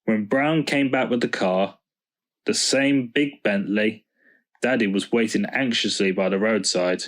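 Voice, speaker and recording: A man reading a children's storybook aloud, in slow, measured storytelling. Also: fairly low pitch. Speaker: storybook reader.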